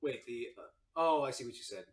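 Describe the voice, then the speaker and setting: A man running a tabletop game as game master, narrating in a relaxed, hesitant way with many fillers. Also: mid-range voice, a little fast, far from the mic, slight background noise. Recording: echoey room, voice off-mic, faint music.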